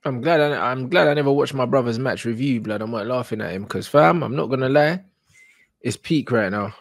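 Excitable young man. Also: medium pitch, brisk, vocal fry, no echo. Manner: excitable, slangy, shouts in disbelief. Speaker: football watch-along streamer. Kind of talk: live reaction commentary.

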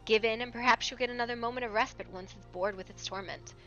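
A woman acting as game master, narrating a horror tabletop scene on a live stream in a hushed, hesitant way with frequent ums. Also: a little high, quick pace, muffled recording, soft background music.

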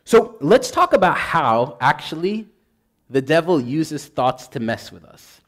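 A man's voice: on the high side, very animated, measured pace, fairly bright tone. A male priest preaching a sermon with passion, repeating his points for emphasis until he gets worked up. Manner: impassioned, builds to emphatic repetition.

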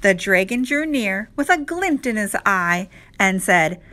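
A woman teacher reading a rhyming picture book aloud to children, slow and expressive. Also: medium pitch. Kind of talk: children's read-aloud narration.

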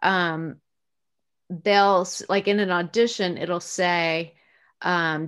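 Here a middle-aged American woman answers interview questions about her work as a voice actress in an easygoing, talkative way. Her voice sits slightly low, and she reflects aloud, restarting sentences and leaning on "um" and "uh."

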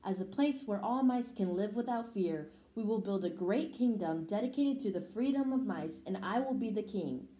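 A woman's voice: medium pitch, animated, moderate pace, few pauses, mellow, natural voice. A woman reading a storybook aloud, voicing a boastful, bossy male mouse leader who blusters and gives orders, in an echoey room. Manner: blustering, commanding. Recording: roomy echo.

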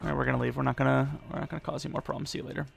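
Gravelly-voiced man rambling over gameplay. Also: mid-range voice, racing. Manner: rambling, self-deprecating, with sudden excited outbursts. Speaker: gaming YouTuber. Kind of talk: live gameplay commentary.

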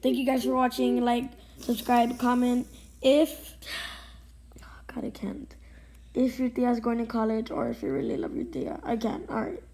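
A woman hosting a casual vlog, talking in a halting, emotional way and often dropping to a whisper. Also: fairly high pitch, warm tone, rough recording. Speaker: channel host.

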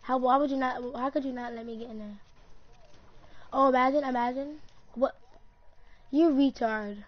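A woman's voice: high voice, steady tone, moderate pace. A woman chatting casually while gaming, rambling and jokey, often trailing off and restarting her sentences. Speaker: gamer. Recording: dull lo-fi recording.

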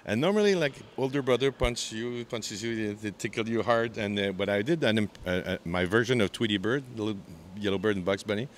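A man's voice: on the low side, a little fast, hardly any pauses, slight background noise. A man who works as a comedian and impressionist, chatting with lots of energy in an interview, laughing often and slipping into voices. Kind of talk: lively interview chat with sung impressions.

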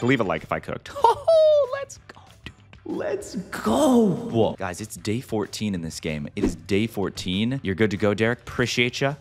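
A man giving excitable gameplay commentary as the host, talking to himself and to viewers and calling everyone "dude". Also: deep voice. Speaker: gaming video host.

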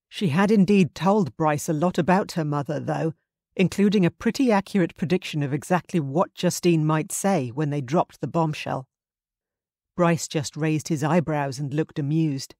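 A woman reading romance narration in a calm, even storytelling manner. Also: low voice, no echo, clean studio sound. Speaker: audiobook narrator. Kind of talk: scripted narration.

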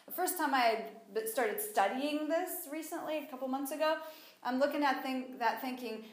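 A woman gives a lively, conversational Bible teaching with a fairly high voice. She slips into acted-out voices as she makes her points. The sound is roomy and echoey. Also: normal speed. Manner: animated, acts out quoted voices. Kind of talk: conversational sermon. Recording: echoey room.

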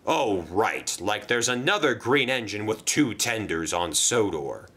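A man's voice: lowish voice, lively intonation, a little slow, fairly bright tone, breathy edge, exaggerated voice. A man voicing a proud, indignant big engine in a pompous tone.

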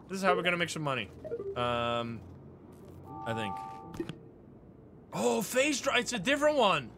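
High-pitched excitable male streamer. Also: moderate pace, pauses often. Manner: excitable, swears, jumps high when excited. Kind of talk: live gameplay commentary. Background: game music.

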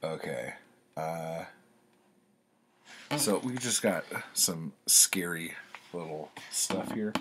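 Man, deep voice, husky, unhurried, casual self-mocking reading. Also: animated, noisy background. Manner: wry, self-mocking, laughs at his own writing. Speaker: author reading his childhood writing.

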